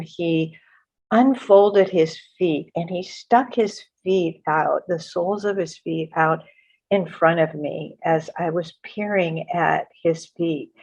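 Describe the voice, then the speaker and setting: A woman recounting a personal spiritual awakening, earnest and halting, often restarting her sentences. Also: fairly low pitch, darkish tone, slightly rough. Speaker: guest author. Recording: muffled lo-fi audio.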